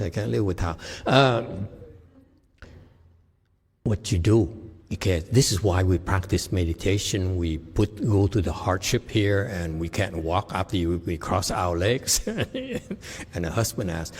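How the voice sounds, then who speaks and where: Man, meditation teacher, dharma talk, slow, husky, laughs often, asks "okay?", long hall reverb. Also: low-pitched, a little mellow.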